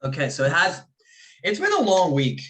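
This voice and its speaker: Male host, high and bright, animated laughing storyteller, casual chat. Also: moderate pace, rough recording. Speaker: podcast host.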